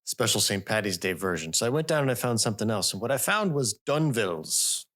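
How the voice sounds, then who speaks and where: A man's voice: on the low side, big pitch swings, brisk, fairly bright tone. A man hosting a podcast, chatting casually with playful, hammy introductions. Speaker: podcast host. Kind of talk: casual chat. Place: studio.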